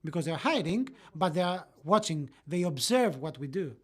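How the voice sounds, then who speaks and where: A voice-over interpreter rendering a parenting lecture live, halting and often correcting itself with fillers. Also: mid-range voice, very animated, slightly rough.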